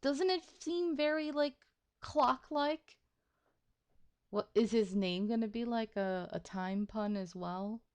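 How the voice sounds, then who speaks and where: A woman's voice: fairly high pitch, takes it slowly, smooth. Woman musing through a game playthrough. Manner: chatty, musing, laughs often. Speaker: gamer, let's play host. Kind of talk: casual playthrough commentary.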